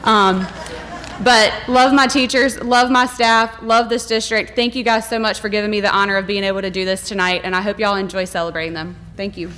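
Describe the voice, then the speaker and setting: A woman's voice: medium pitch, fairly even intonation, brisk, bright, forceful tone. A woman principal giving a heartfelt, rambling award acceptance speech to a gala audience. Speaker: elementary school principal. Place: gala hall in front of an audience.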